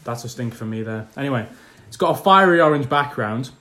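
A young man co-hosting a podcast, chatting casually in a loud, animated way and bursting into mock outrage. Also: medium pitch, brisk. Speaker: podcast co-host. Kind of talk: casual banter. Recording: echoey room, faint noise.

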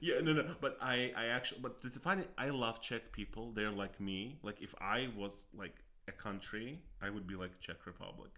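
A man hosts a podcast in English as a second language. His voice sits a little low, and he ribs his guest in a joking, laughing way. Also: normal speed, few pauses, sharp tone. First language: Azerbaijani. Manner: teasing, laughs a lot. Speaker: podcast host. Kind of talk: casual podcast banter.

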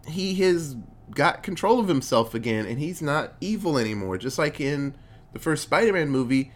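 Animated man recapping a movie. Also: medium pitch. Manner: loose, profane and excitable, acting out quotes.

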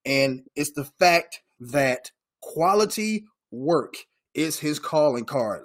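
A man's voice: fairly high pitch, expressive, slow. A man from Georgia hosting an interview, chatty and friendly, tossing in "man" often. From Georgia, USA. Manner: friendly, says "man" often, hype-style introductions. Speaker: host. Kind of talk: casual interview talk.

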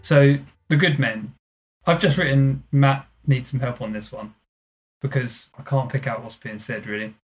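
A man's voice: medium pitch, normal speed. A man co-hosting a casual podcast, joking and teasing his co-host. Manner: jokey, teasing banter.

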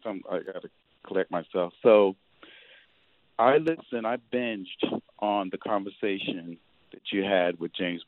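Male caller, lowish voice, effusive and emotional, tinny dry phone line. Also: dry recording. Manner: effusive, emotional, gushing thanks. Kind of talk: call-in radio.

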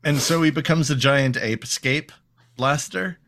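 This man's voice leans high and he talks a little slowly while co-hosting a podcast, casually recapping a cartoon episode. He's animated and playful, joking and acting out lines in silly voices.

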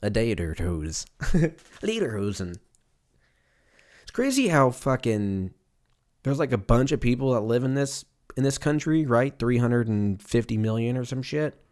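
A man's voice: mid-range voice, lively intonation, moderate pace, a little mellow. A man, hosting a solo podcast in a rambling, profane, jokey way and laughing at his own tangents. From US West Coast. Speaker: podcast host. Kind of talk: casual solo podcast monologue.

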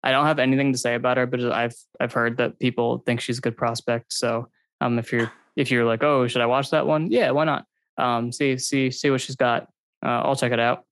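Gravelly man rambling on a podcast. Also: mid-range voice, little pitch movement, a little fast, fairly bright tone, dry recording. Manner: rambling, hedging, filler-heavy analysis. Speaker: podcast co-host. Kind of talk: casual podcast chat.

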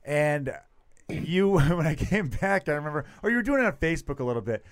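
A man hosting a podcast, chatting casually with quick, profane, joking banter. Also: on the high side, sing-song, clear, resonant tone, no room sound. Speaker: podcast host.

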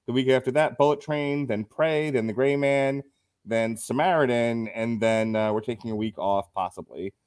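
A man's voice: medium pitch, normal speed, a little mellow, clear, resonant tone, no room sound, clean studio sound. A man hosting a casual movie review podcast, reading critics' quotes aloud with a wry, laughing manner. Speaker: podcast host.

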